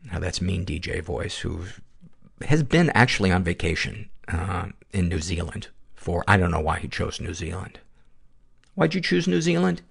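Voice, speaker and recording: A man's voice: low-pitched, sing-song, normal speed, vocal fry, husky. A man hosting a podcast, reading a listener's letter aloud and then reflecting earnestly, with rambling asides. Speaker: podcast host.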